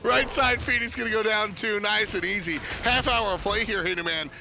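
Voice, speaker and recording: A man calling an esports match with jokey, energetic play-by-play. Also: sits high, brisk, vocal fry, background noise. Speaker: esports caster. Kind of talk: live play-by-play commentary.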